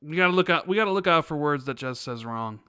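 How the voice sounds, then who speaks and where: Animated, smooth-voiced American man. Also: on the high side, quick pace, no room sound, studio quality. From United States. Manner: incredulous, laughs a lot, reads chat aloud. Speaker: podcast co-host. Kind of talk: casual podcast chat.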